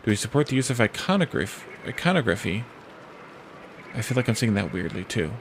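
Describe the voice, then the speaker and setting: Gravelly man thinking aloud over a game. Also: fairly low pitch, lively intonation, slight background noise. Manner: thinks aloud, reads game event text; hesitant, with pauses and restarts. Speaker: streamer. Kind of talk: casual let's-play commentary.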